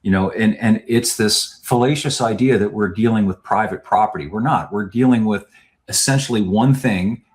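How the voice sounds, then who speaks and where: A man speaking as a podcast guest, laying out his points in a measured, explanatory way. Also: fairly low pitch, darkish tone. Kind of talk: podcast interview.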